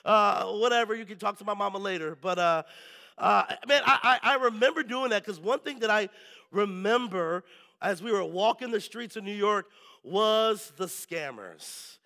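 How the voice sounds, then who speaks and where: A male pastor preaching a sermon, telling lively stories and often checking in with the congregation. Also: high voice, moderate pace, vocal fry. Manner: lively storytelling, keeps asking the crowd "right?".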